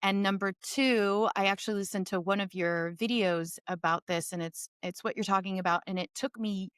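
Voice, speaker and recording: A woman hosts an interview, affirming her guest and posing questions. Her voice is smooth and resonant at a middle pitch, recorded dry and close. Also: fairly even intonation, normal speed, dry recording. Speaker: podcast host. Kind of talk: interview conversation.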